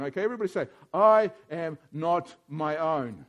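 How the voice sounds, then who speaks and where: A man preaching a sermon in a church, animated and playful, often putting questions to the congregation. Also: on the high side, moderate pace.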